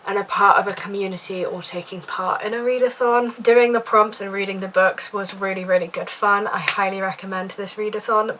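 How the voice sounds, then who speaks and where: A woman's voice: medium pitch, a bit bright, a little hiss or hum. A woman talking casually in a reading vlog, gushing and chatty, often repeating words for emphasis. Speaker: book vlogger.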